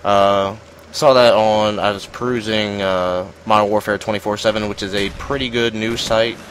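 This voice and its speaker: A man's voice: lowish voice, steady tone, moderate pace, slight background noise, low-quality recording. A young man giving casual gameplay commentary, rambling and self-deprecating, with lots of fillers and restarts. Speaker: gaming commentator.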